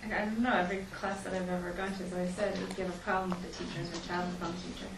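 A woman's voice: on the low side, level tone, racing. Distant woman speaking from the audience. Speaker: audience member. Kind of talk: comment from the floor. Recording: distant, echoey room mic with noise.

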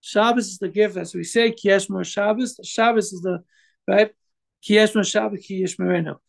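A man giving an informal religious class, telling a story in a halting way with many fillers and restarts. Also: high voice, steady tone, gravelly. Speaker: Torah teacher telling a story.

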